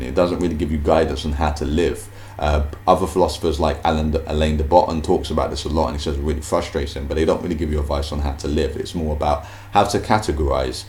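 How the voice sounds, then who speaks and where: Very deep-voiced man, hesitant commentary. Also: darkish tone, slight background noise. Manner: hesitant, many fillers and restarts. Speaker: video host. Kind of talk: casual spoken commentary.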